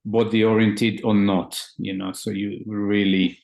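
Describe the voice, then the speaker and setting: A man speaking as a guest therapist, explaining his field in a thoughtful, halting way and often restarting his words. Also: fairly low pitch, little pitch movement, creaky, a little mellow. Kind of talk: conversational explanation.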